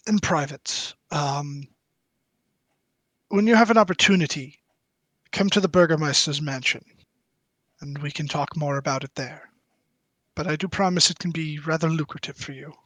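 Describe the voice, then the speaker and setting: A man voicing a courteous, scheming nobleman who talks in a measured, persuasive way. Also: a little high, bright, forceful tone, dry recording. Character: smooth, scheming male nobleman offering work.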